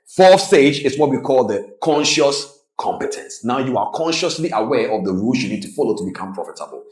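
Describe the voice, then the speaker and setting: A man coaching traders in a motivational presentation, telling stories with lively delivery and acting out the people in them. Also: medium pitch, fairly quick, echoey room, low-quality recording. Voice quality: animated storytelling, acts out quoted voices. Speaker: trading coach.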